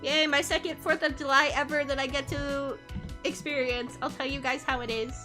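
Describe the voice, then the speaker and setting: A woman's voice: high-pitched, level tone, normal speed, music in the background. A woman from Canada chatting casually on a livestream, bubbly and giggly, rambling and laughing often. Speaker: streamer.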